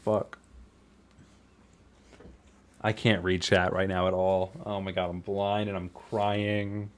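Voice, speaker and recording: A young man streaming, reviewing viewer animations in casual, blunt commentary, quick to swear and laugh. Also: sits low, level tone.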